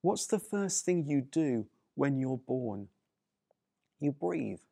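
A man's voice: mid-range voice, big pitch swings, slow, gravelly, dark tone, no echo, clean studio sound. A man preaching a sermon to people watching at home. He speaks with emphasis and repeats key phrases. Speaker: pastor.

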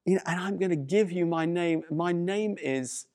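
A man voicing God as a calm, majestic speaker within a sermon retelling. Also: sits high, moderate pace. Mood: solemn.

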